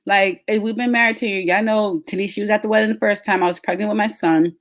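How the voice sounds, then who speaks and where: A woman's voice: medium pitch, steady tone, fast. A woman, a podcast host telling a story in casual, chatty talk straight to her listeners. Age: 30s. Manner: chatty, addresses listeners as y'all.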